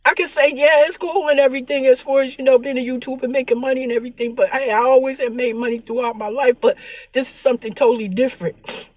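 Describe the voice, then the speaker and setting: A high-voiced woman vlogger talks fast in a steady tone, sounding tearful in an earnest, preachy spiritual monologue where she repeats her points. The recording is close and dry, with no room sound.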